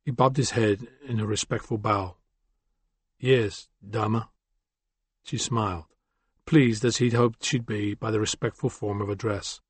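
A man's voice: fairly low pitch, fairly even intonation, slightly rough, no room sound. Man reading an audiobook, dry sound. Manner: measured, descriptive reading. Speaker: audiobook narrator. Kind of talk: scripted narration.

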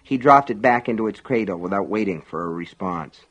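A man reading an audiobook in a measured, dramatic storytelling manner. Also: on the low side, expressive, fairly bright tone. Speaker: audiobook narrator. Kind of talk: scripted audiobook narration.

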